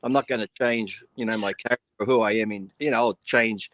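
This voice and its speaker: A man's voice: fairly low pitch, fairly even intonation, fast, fairly bright tone, no echo. A middle-aged man co-hosting a podcast in casual chat, blunt and joking, swearing freely. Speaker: podcast co-host.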